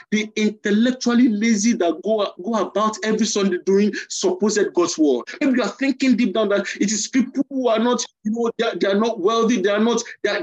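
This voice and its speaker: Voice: medium pitch, a little mellow, lo-fi sound. A preacher giving a sermon, exhorting the listeners in a repetitive, emphatic way.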